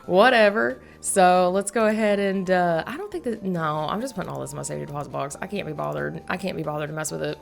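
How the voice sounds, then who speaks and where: A woman's voice: on the low side, fast, vocal fry, few pauses, faint music behind. A young woman chatting casually in a gaming vlog, blunt and sweary, laughing often. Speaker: gaming YouTuber.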